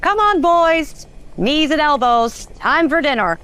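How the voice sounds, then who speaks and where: Woman as coy, slippery mom, very high, lively, unhurried, comic audio play. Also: heavily acted. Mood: motherly. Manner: coy, breezy denials. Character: sly, unbothered 1940s-style mother. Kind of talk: comedic fan audio drama.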